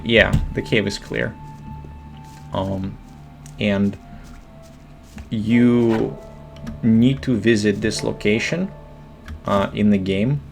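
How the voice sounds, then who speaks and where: A man giving monotone, hesitant game walkthrough commentary with many fillers. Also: fairly low pitch, creaky.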